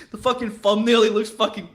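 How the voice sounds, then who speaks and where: A man hosting his own channel, chatting casually in a rambling, profane way, laughing a lot between thoughts. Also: high voice. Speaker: channel host.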